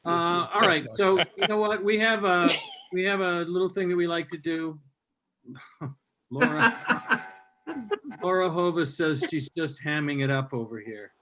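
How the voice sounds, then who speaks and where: A man's voice: sits high, measured pace, long pauses, noisy background. A man hosting a comedy show, bantering loosely, laughing often and introducing a guest. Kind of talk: casual emcee banter.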